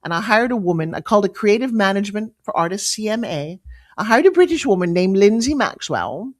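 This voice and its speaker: A woman in her fifties telling her story as a guest, lively and confiding, acting out quotes and dropping into whispers. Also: medium pitch, a little fast. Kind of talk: animated storytelling chat.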